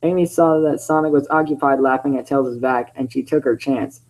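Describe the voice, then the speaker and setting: A man's voice: mid-range voice, fairly even intonation, moderate pace, a little mellow, low-quality recording. A man hosting his channel, reading fan fiction aloud with chatty, self-interrupting commentary.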